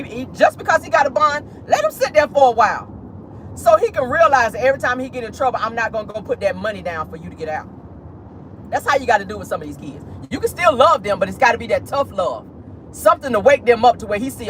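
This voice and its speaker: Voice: medium pitch, fairly bright tone. A vlogger in a car giving casual, bawdy celebrity-gossip commentary with laughing asides and lots of "honey" and "child.". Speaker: vlogger host. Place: parked car. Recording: noisy car interior.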